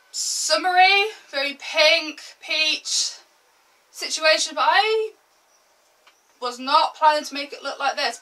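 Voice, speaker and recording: A woman in her twenties chatting through a get-ready-with-me vlog, lively and exaggerating for laughs, swearing freely. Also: high voice, distant mic, low-quality recording. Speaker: beauty vlogger.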